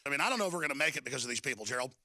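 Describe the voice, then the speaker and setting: A man's voice: mid-range voice, expressive, racing, bright, forceful tone, no echo, clean studio sound. An indignant man in a heated political chat, co-hosting the conversation.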